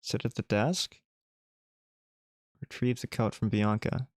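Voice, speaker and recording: A man's voice: fairly low pitch, slow, no echo. A man streamer reading a text adventure game aloud, with playful joking asides.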